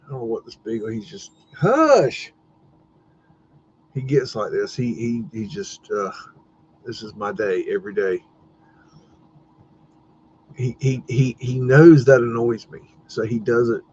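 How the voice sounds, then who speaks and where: A man's voice: mid-range voice, moderate pace, pauses often, dark tone. Casual male stream host, rambly, laughs a lot, salty language. Muffled lo-fi audio, faint hiss. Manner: rambling, laughing, swearing, talks to his dog. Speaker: livestream host. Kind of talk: casual livestream commentary.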